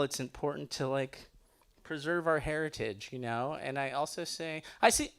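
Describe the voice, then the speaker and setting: A middle-aged man from Los Angeles doing a lively stand-up comedy set at a benefit show. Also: a little high, clean tone. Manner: animated, loud comic impressions of relatives.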